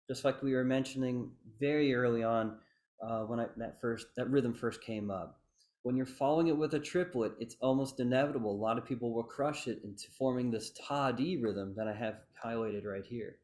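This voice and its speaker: Over a video call, a fife instructor leads an online workshop, chanting rhythm syllables and encouraging his students as he teaches fife rhythms. His mid-range voice has a darkish tone and a normal speed, with slight background noise.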